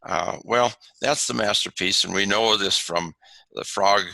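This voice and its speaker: Halting, gravelly man lecturing on a call. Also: fairly low pitch, pushed and bright, no echo, poor audio. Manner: halting, many fillers and restarts. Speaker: webinar presenter on haiku. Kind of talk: lecturing over slides. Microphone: video call.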